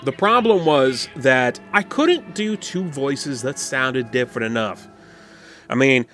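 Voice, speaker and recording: A man's voice: medium pitch, unhurried, fairly bright tone, no room sound. A man casually walking through a game map he built, rambling and thinking aloud with frequent fillers.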